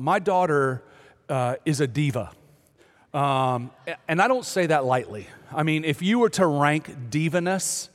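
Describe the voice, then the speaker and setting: A man preaching, telling a joking story about his family before turning earnest and urging the listeners. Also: a little high. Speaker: pastor. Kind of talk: sermon with humorous story. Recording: long reverb of a large hall.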